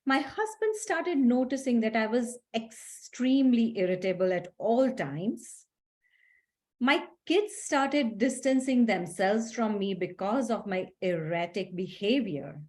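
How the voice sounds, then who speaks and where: Female workshop speaker, middle-aged, higher-pitched, unhurried delivery, acts out her stories. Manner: animated storyteller, acts out scenes. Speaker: guest speaker. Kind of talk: workshop talk with audience.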